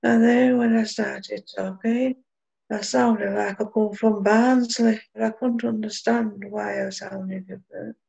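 Woman, middle-aged, deep fry and husky tone, plain personal storytelling. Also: fairly even intonation, a little mellow, highs cut off. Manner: plain, unhurried recounting in dialect.

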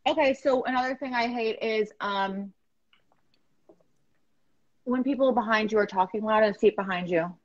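A woman guest chatting casually, telling stories with lively acted-out quotes. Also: a little high, moderate pace, pauses often, muffled recording. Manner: animated storytelling, acts out quotes. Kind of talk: casual chat.

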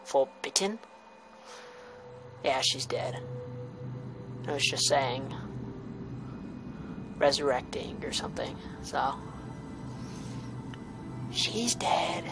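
A man commentating a video game playthrough with excitable, jokey reactions and mild minced oaths. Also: medium pitch, slow pace, creaky, pauses often. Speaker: gameplay commentator. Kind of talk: let's play commentary. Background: game music.

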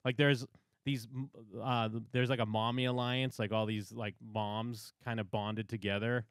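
A man's voice: medium pitch, normal speed, clean tone, no echo, clean studio sound. A man co-hosting a podcast, casually recapping a reality show and acting out what the contestants say. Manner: animated storytelling, acts out quotes. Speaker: podcast co-host. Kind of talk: casual chat.

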